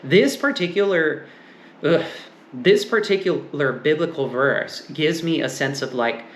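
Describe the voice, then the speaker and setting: Guy doing a tarot reading, kinda high voice, rambly and thinking out loud, roomy echo. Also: expressive, measured pace. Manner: musing, meandering, frequent fillers. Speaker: tarot reader. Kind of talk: casual tarot reading and discussion. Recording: echoey room with faint noise.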